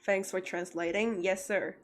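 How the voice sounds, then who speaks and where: A woman's voice: medium pitch, fairly even intonation, measured pace, soft background music. A young woman, chatting casually with viewers on her art livestream and laughing often. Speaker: art streamer.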